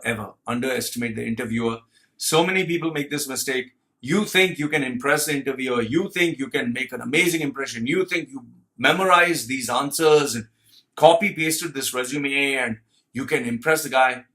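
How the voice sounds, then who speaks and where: Blunt, cursing man with a bright voice. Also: mid-range voice. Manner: forceful, profane, emphatic. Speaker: career coach. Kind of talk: blunt advice monologue.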